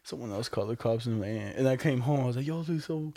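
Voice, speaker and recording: Ein junger Mann im lockeren Gespräch, der entspannt Geschichten erzählt, oft flucht und lacht. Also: male voice, medium pitch, rapid-fire, dark tone, dry recording. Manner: laid-back storytelling, swears, laughs often. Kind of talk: casual chat.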